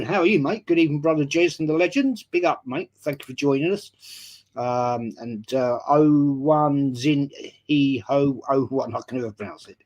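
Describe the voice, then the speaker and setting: Brief: male host, casual football chat, mid pitch, greets viewers warmly. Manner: chatty, greets viewers by name. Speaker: podcast host.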